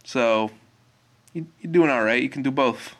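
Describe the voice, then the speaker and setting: A man's voice: medium pitch, moderate pace, fairly bright tone. A man co-hosting a podcast in casual chat, tossing in wisecracks. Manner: joking, wisecracking asides. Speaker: podcast co-host.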